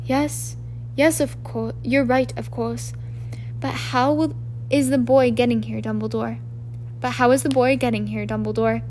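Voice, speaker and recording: A woman's voice: on the high side, steady tone, measured pace, a little mellow, a little hiss or hum, close to an everyday voice. A woman reading an audiobook, voicing a stern older female witch professor with a tense, trembling, emphatic manner. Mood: subdued.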